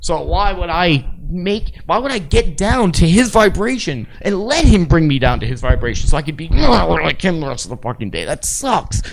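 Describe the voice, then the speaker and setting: A man's voice: a little high, normal speed, gravelly, hardly any pauses, a little hiss or hum. A man co-hosting a podcast, telling rambling, profane stories in casual chat. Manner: rambling, profane storytelling, animated. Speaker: podcast co-host.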